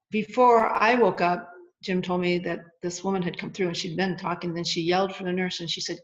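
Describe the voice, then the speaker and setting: Lower-voiced woman telling an earnest story. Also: moderate pace, highs cut off. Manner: earnest, animated storytelling with many restarts. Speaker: guest. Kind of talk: personal storytelling in an interview.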